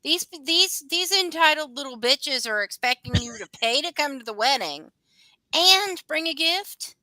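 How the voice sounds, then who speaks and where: A woman co-hosts a casual chat with a bright, fairly high voice. She is blunt and opinionated. The sound is dry and close. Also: expressive, unhurried, dry recording, rough recording.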